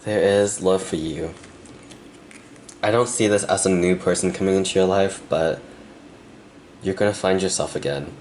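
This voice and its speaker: This young tarot reader has a deep, low voice and keeps a steady tone as he gives a gentle, sincere pick-a-card reading to the viewer. Pauses separate his thoughts, and now and then he grows emotional, nearly in tears. A faint hum sits under the audio.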